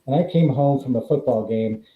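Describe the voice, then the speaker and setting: A middle-aged former stuntman, guesting on a podcast interview, tells animated anecdotes and acts out the quoted dialogue. His mid-range voice moves at normal speed, with an echoey room and narrow, tinny audio.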